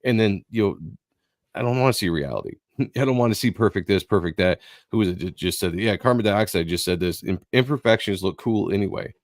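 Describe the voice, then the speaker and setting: A man's voice: fairly low pitch, animated, brisk, no room sound, clean studio sound. A man hosting a live stream, chatting in a laid-back way and tripping over his words now and then. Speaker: host. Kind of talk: casual chat.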